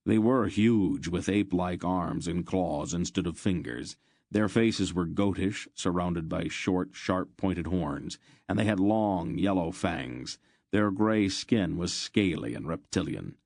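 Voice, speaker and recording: A man narrating an audiobook in a steady, measured way. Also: low-pitched, no room sound, studio quality.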